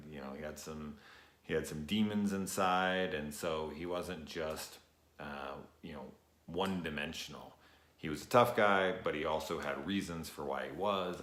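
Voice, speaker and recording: A young man giving a rambling, casual late-night review, tired, swearing often and filling pauses with ums and uhs. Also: low voice, fairly bright tone. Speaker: show reviewer. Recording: echoey room.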